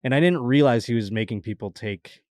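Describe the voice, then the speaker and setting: A man, a comedian guest on a podcast, telling rambling, animated anecdotes in casual chat and laughing at himself. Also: medium pitch, a little fast, no echo, clean studio sound.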